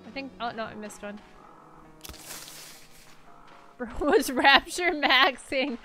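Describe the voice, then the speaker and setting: A woman's voice: high voice, slow pace, long pauses, pushed and bright, faint music behind. A woman streaming a video game, chatty and giggly, talking to her viewers. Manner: chatty, giggly, talks to chat. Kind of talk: casual game livestream commentary.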